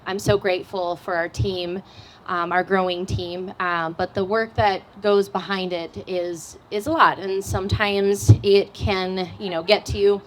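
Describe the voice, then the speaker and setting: A woman speaking at a live panel in a cafe, earnest and heartfelt with many soft fillers. Her voice sits in a middle register over faint room noise. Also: medium pitch, fairly even intonation, measured pace, low-quality recording. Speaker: nonprofit outdoor group leader.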